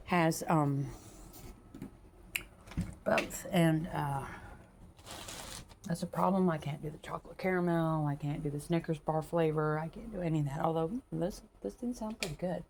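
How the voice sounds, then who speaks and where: A woman vlogging as she walks home outdoors, talking frankly in a rambling way with many pauses and fillers, recorded on a phone. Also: low voice, creaky, background noise. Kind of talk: casual rambling chat while walking.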